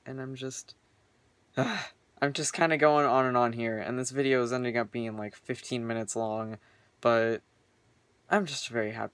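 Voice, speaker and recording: A man's voice: medium pitch, no room sound. A young man vlogging casually from his bedroom, rambling earnestly with lots of filler words. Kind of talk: casual personal vlog.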